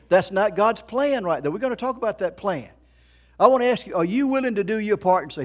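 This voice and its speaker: A man's voice: high voice, expressive, brisk. A middle-aged man preaching a sermon as a pastor, emphatic, repeating phrases and asking the congregation rhetorical questions.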